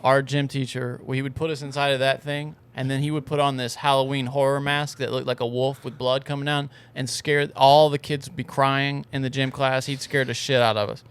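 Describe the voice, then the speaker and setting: A man co-hosting a podcast in casual comedic chat, teasing with quick questions. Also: mid-range voice, level tone, clear, resonant tone. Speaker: podcast co-host.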